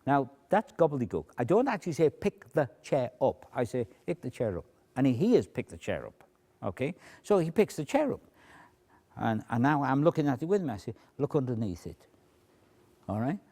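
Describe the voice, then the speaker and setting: A man teaching a stage routine, explaining how he cues volunteers and dropping to a hushed near-whisper to demonstrate. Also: mid-range voice, big pitch swings, moderate pace. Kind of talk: demonstration lecture.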